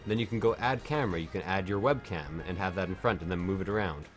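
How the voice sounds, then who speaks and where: A man streaming a game while a bit drunk, chatting in a silly, rambling way and jumping into high joking voices. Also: fast, soft background music. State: tipsy. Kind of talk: casual livestream chat.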